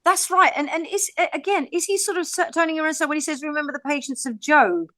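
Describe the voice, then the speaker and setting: High-voiced reflective woman, Bible chat. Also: fast, fairly bright tone, no room sound. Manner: reflective, wondering aloud, dry sarcastic asides. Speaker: podcast co-host. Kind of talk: casual Bible discussion.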